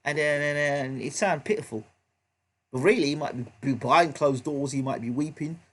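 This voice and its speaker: Emphatic husky man. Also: mid-range voice, brisk. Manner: emphatic and repetitive, asking the audience. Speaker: vlog host. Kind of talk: live boxing reaction commentary.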